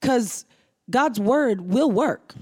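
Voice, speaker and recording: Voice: medium pitch, lively intonation, a little mellow, breathy edge. Emphatic repeating pastor preaching. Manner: reads scripture aloud, pauses to explain. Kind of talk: sermon.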